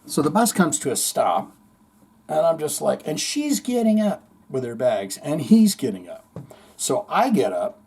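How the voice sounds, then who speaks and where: A man hosting a podcast, telling a long story in a rambling, animated way, full of swearing and acted-out quotes. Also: fairly high pitch, a little slow, husky. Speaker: podcast host. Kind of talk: casual storytelling monologue.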